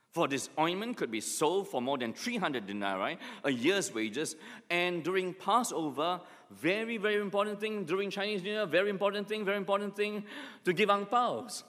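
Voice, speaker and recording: A man preaching a sermon as pastor, telling stories with lively acted asides. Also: high-pitched. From Singapore. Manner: animated storytelling with acted asides. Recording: long hall reverb.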